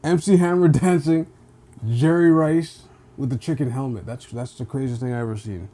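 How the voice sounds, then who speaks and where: A man co-hosting a podcast, rambling in a relaxed way with lots of fillers. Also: mid-range voice, normal speed. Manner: relaxed, rambling, many fillers and repeated "right". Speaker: podcast co-host. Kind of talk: casual chat.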